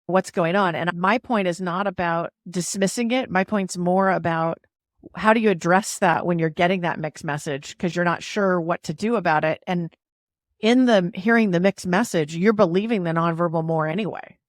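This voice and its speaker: A woman's voice: fairly low pitch, moderate pace, no room sound, clean studio sound. A woman hosting a podcast, explaining ideas in a casual, playful way and leaning on emphasis. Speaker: podcast host.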